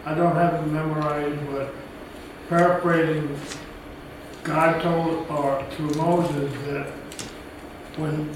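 A man speaking up from among the congregation, his voice distant and ringing in a very echoey room with noise behind him. He speaks slowly, in a level, careful tone, with a slightly raised pitch. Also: little pitch movement. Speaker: congregation member.

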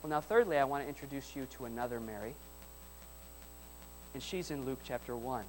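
A man preaching a sermon to a congregation in church. He builds repeated lines into loud emphatic peaks and drops to soft, quiet asides between them. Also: mid-range voice, a little fast, music in the background, rough recording. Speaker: pastor. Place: church service before a congregation.

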